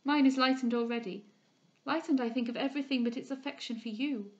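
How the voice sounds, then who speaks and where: A gentle young heroine, weak from illness, speaks softly and tenderly, as a woman reads her aloud. Her voice sits fairly high, and the recording is muffled and lo-fi. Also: fairly quick. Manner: soft and tender.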